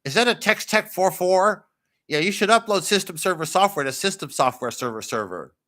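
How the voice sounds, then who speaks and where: A man voicing a fussy, nerdy male chat commenter who rattles on insistently about microphones and software. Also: lively intonation. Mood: pestering. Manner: fast, high and insistent. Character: shrill nerdy male chat commenter fussing over gear.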